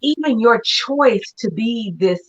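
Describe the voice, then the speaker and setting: A woman hosting a casual chat, talking in an effusive, animated way. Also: on the high side, slow pace, slight background noise. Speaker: host. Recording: dull lo-fi audio.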